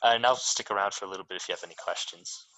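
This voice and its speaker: A young man hosting a student club meeting, making casual, halting announcements over a video call. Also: on the low side, bright, forceful tone, rough recording. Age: young adult. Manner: casual, halting, filler-heavy. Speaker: student chapter officer, meeting host.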